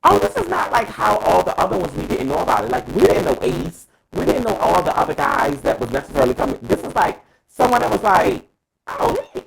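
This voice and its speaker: Male co-host, lively and gravelly, emphatic and profane in casual opinion talk. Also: high voice, poor audio. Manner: dramatic, emphatic, profane, addresses co-hosts by name.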